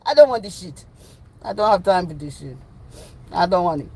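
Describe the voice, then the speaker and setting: Lady putting on a gruff african-accented voice, curt and dismissive, swears a lot. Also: lowish voice, expressive, fairly quick, a little mellow, slight background noise.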